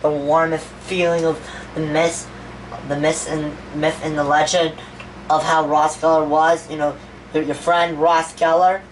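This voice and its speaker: A woman's voice: low-pitched, level tone, a little slow, far from the mic, slight background noise, rough recording. A woman voicing a grieving young man who gives a rambling, stammering eulogy in a homemade toy-figure animation. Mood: sad. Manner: stammering, repeats words, rambling. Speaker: eulogy speaker.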